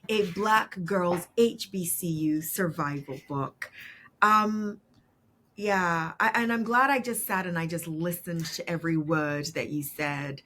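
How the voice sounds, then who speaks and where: A woman's voice: on the low side, fairly bright tone. A woman hosting a podcast interview, conversational and easily moved, laughing often. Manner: emotional, tearful at times, laughs easily. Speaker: podcast host.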